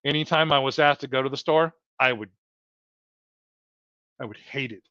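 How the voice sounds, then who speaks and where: A man's voice: mid-range voice, normal speed, bright, forceful tone, clear, resonant tone, dry recording. A man hosting a livestream, talking earnestly and repetitively as he encourages his viewers, whom he calls folks. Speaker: livestream host. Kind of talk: heartfelt motivational livestream talk. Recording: dull lo-fi dry sound.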